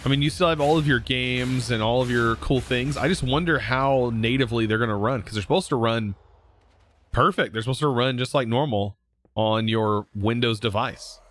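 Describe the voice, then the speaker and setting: A young man live streaming, chatting casually with viewers in a relaxed, rambling way full of fillers and restarts. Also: mid-range voice, normal speed. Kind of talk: casual chat reading viewer comments.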